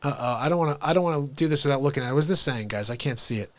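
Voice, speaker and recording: A man hosting a livestream, chatting excitedly and grumbling at his screen. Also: mid-range voice, rapid-fire, no room sound. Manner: excitable, chatty, frustrated asides. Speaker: show host. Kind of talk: casual livestream chat.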